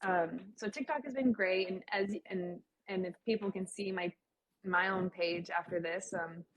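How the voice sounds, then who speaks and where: A woman's voice: on the low side, steady tone, moderate pace, low-quality recording. A young adult woman speaking as an interview guest in a chatty, heartfelt way, with many "like" fillers. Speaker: guest sharing her cancer story. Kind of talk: casual interview talk.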